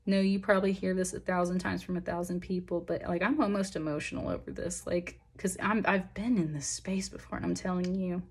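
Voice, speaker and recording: Young woman, slightly low voice, tarot reader; earnest, emotional, encouraging, talks in loose rambling asides. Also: fairly even intonation, a little fast, few pauses, husky. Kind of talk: pick-a-pile tarot reading.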